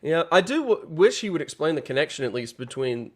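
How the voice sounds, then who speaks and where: A man's voice: a little high, sing-song, brisk. A man co-hosting a casual chat show, joking in an easygoing way. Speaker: co-host.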